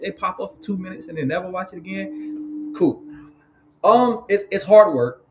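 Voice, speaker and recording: A man's voice: sits high, moderate pace, noisy background. Upbeat slangy man from Florida. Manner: upbeat, gives shout-outs, repeats phrases. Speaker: podcast guest. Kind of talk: casual podcast chat.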